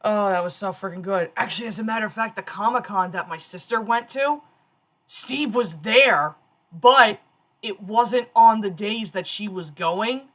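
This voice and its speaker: A woman in her thirties hosting a casual stream, telling stories in an animated, chatty way. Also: mid-range voice, moderate pace. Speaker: streamer host.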